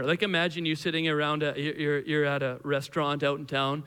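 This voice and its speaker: A male pastor preaching a sermon to a live congregation, telling the story in an animated, conversational way with frequent restarts. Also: a little high, fairly quick, clear, resonant tone. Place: church hall with a live congregation. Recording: long hall reverb.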